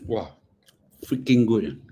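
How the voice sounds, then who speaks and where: A middle-aged man with a Singaporean English accent chats casually to his livestream audience, slipping between Singlish and Mandarin. His voice sits low but moves up and down a lot. A faint hiss runs underneath. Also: expressive, slow. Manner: chatty, mixes Singlish and Mandarin, murmurs while eating. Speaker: finance livestream host.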